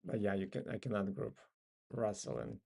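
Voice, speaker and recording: A man's voice: fairly low pitch, big pitch swings, normal speed, creaky, darkish tone, slightly rough. A man with a non-native English accent hosts a casual live trading stream. He muses and thinks aloud with frequent ums. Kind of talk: casual live market commentary.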